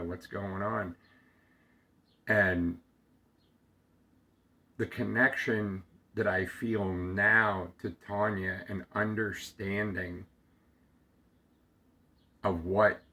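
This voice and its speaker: A man slowly telling a heartfelt personal story, halting often with fillers and restarts, close to tears at times. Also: lowish voice, pushed and bright. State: getting emotional. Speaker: storyteller sharing a personal memory. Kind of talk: reflective personal monologue.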